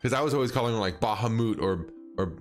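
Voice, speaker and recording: A livestreaming gamer talks rapid-fire to his viewers in a medium-pitched, animated voice, with faint music behind him. His casual gameplay chat is rambling and hesitant, packed with fillers, restarts and frequent chuckles.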